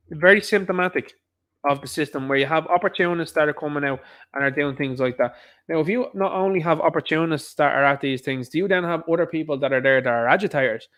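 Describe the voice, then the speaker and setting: A man hosts his own livestream in a loose, rambling talk. He keeps circling back to the same asides, and his voice sits a touch higher than most men's. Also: a bit bright. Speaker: livestream host. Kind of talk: casual livestream commentary.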